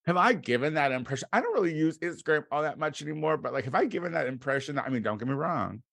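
A man from the United States delivering a casual comedic monologue as a podcast host. He rambles and swears, with sudden loud outbursts. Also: a little high, animated, quick pace, vocal fry, no echo, studio quality.

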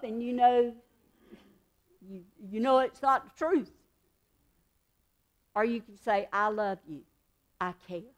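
A woman giving a devotional teaching in an earnest, conversational way, repeating key points for emphasis. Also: on the high side. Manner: emphatic repetition. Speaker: Christian speaker.

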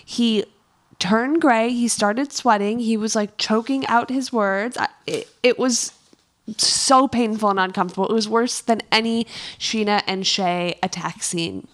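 Animated gossipy woman co-host. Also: a little high, a little slow. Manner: animated, gossipy, quotes people for effect. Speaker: podcast co-host. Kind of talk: casual reality TV recap chat.

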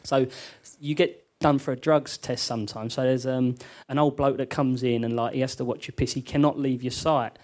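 A man's voice: mid-range voice, steady tone, normal speed, few pauses, a little mellow. A man, a former footballer, telling anecdotes with lots of laughter on a live podcast in a theatre studio.

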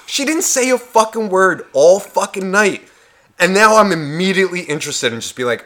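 Male podcast co-host, bright ringing tone, loose profane storyteller. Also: high voice, moderate pace. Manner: rambling, heavy swearing, animated retelling.

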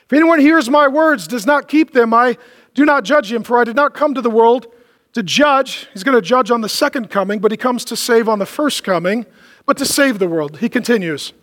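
High-voiced pastor preaching in a reverberant hall. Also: male voice, expressive, normal speed, fairly bright tone. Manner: humorous storytelling, drops to low emphatic lines. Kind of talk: sermon.

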